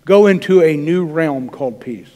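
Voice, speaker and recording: Animated and dark-toned, a man's fairly high voice moves at a moderate pace as he preaches a sermon in a church sanctuary with hall reverb. The pastor speaks conversationally, acting out quoted dialogue.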